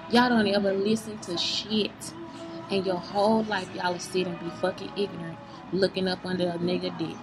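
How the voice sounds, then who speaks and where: A woman's voice: medium pitch, rough recording. Heated woman venting with music behind. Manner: heated, profane, keeps asking "you see what I'm saying?"; rambling, circling back on herself. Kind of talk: unscripted venting monologue.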